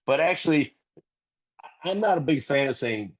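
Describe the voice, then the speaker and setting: A middle-aged man talks candidly about recovery and sponsoring others. He is earnest and animated and laughs often. When a point matters to him, his voice leaps sharply upward. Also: medium pitch, normal speed. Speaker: recovery sponsor sharing at a meeting. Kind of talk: candid recovery-meeting share.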